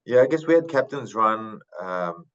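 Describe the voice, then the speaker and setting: A man in his thirties from Papua New Guinea, a podcast guest telling his story in a thoughtful, unhurried way with many fillers and restarts. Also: fairly low pitch, animated, a bit bright, lo-fi sound. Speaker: podcast guest, retired rugby league player. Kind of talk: casual interview storytelling.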